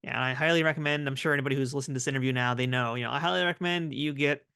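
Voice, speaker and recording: A man's voice: medium pitch, steady tone, rapid-fire, gravelly, bright, forceful tone, smooth, no room sound, studio quality. A man hosting a podcast, closing an interview and reading the show outro in a friendly way. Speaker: podcast host.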